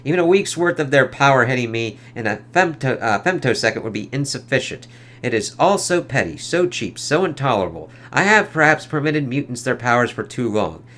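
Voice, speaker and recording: A man's voice: mid-range voice, very animated, brisk, bright, forceful tone. Arrogant tyrant emperor-sorcerer, declaiming as voiced by a male reviewer. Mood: haughty.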